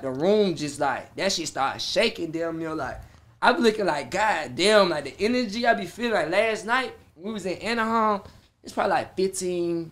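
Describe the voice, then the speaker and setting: A young man who is a performing artist tells stories in a casual interview chat, speaking in a high voice. He is animated and profane, acting out his own reactions.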